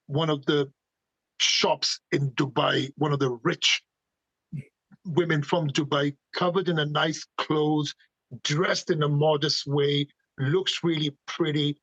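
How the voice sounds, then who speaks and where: Passionate man, husky voice, dull sound. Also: fairly high pitch, fairly bright tone, dry recording. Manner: passionate, emphatic, rhetorical questions. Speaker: podcast guest. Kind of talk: animated conversational opinions.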